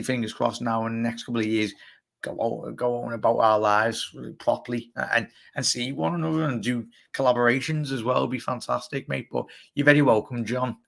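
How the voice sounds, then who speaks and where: A young Scouse man with a groggy, hoarse voice, hosting a casual live football chat and answering viewers as he rambles. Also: medium pitch, fairly bright tone. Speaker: livestream host.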